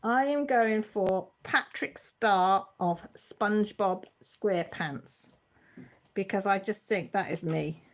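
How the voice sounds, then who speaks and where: A playful woman from Britain runs a relaxed live chat from her home. She reads out viewer comments and reacts to them with easy excitement. Her voice sits at a middle pitch. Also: slow. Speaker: livestream host.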